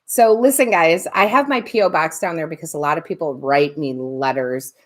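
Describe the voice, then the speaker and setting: A woman's voice: low-pitched, moderate pace. A woman hosting a live tarot stream, chatting casually, laughing often and greeting viewers by name.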